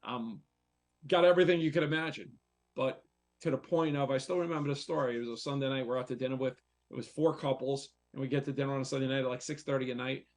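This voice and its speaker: Gravelly-voiced man telling a candid story. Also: medium pitch, steady tone, fast. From United States. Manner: candid, repetitive, conversational. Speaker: real estate investor and coach. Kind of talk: personal story on a talk show.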